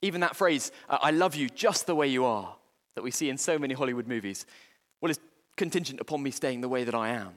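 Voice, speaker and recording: Earnest preacher in a reverberant hall. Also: male voice, medium pitch, lively intonation. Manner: earnest, halting, many restarts and fillers. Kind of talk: sermon.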